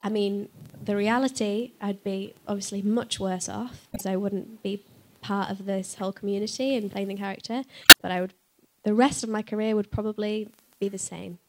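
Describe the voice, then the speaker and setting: A woman's voice: medium pitch, fairly even intonation, moderate pace, hardly any pauses, noisy background. A woman voice actor answering audience questions on a live panel, chatty and playful, laughing often. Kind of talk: casual panel Q&A.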